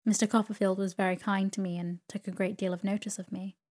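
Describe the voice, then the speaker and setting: A woman's voice: medium pitch, level tone, fast talker, a little mellow, natural voice. A woman reading a storybook, voicing a timid young widowed mother who speaks meekly and falteringly. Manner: faltering, meek and helpless.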